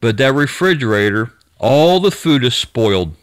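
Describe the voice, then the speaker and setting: A man's voice: mid-range voice, expressive, moderate pace, no room sound. A man casually retelling what another person found in an abandoned store, rambling with restarts and mild cursing. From United States. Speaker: YouTube storyteller.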